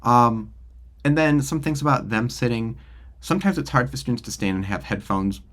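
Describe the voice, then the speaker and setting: This music teacher's mid-range voice is animated and fairly bright, moving at normal speed as he casually walks through setting up a virtual classroom. The online tutorial is a dry recording made with a studio microphone in a home studio with a green wall.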